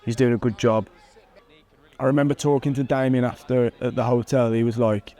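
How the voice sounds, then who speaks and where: A man in his thirties, an MMA fighter, casually commentating on his own old fight footage with animated excitement and frequent chuckles. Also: medium pitch, moderate pace, long pauses. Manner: animated, chuckles at himself, bursts of excitement at big moments. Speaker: MMA fighter and channel host.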